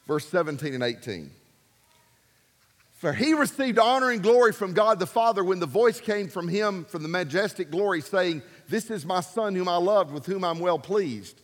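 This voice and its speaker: A man preaching a sermon, emphatic and animated, swinging between loud and soft. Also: high voice, long reverb tail. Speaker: pastor.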